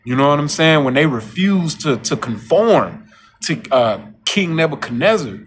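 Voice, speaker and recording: A man's voice: big pitch swings, moderate pace, a little hiss or hum. A man talking, preaching and repeating his phrases as he goes. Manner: preachy, repeats "you know what I'm saying"; mocks coworkers in a high voice. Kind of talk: casual monologue vlog.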